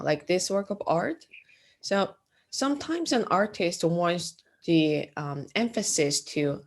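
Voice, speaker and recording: A woman gives an art lecture in a classroom. She speaks slowly and a little low, pausing on fillers and often clearing her throat as she goes. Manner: slow and hesitant, with frequent fillers and throat clearing. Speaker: art teacher.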